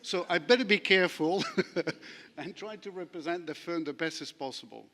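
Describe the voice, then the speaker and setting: A man's voice: fairly high pitch, normal speed, pushed and bright, big-room sound. A man from France with a French accent, a lawyer giving a self-deprecating, anecdotal conference talk. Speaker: panel speaker, lawyer. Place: large conference hall.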